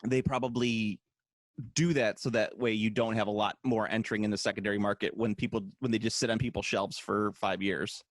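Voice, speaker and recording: A man's voice: fairly low pitch, fairly even intonation, a little fast, no room sound. An American man co-hosting a podcast, a little drunk, rambling in casual chat with many restarts and laughs. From United States. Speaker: podcast co-host.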